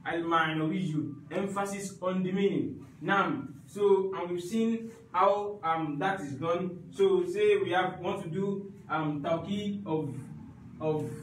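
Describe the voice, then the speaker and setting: A man's voice: high voice, slow pace, slight background noise. A man teaching an Arabic grammar class, explaining step by step and often checking with his students. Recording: echoey room, mic at a distance.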